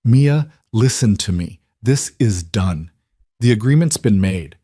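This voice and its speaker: A man voicing a calm, self-sacrificing young woman in a spoken story. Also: fairly low pitch, takes it slowly, dry recording, studio quality. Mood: resolute. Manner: calm, steady. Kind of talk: audiobook storytelling.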